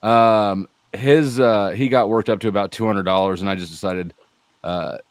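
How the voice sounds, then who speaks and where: A man's voice: lowish voice, normal speed, dry recording. A man on a call-in panel chatting casually and trailing off with fillers as he talks.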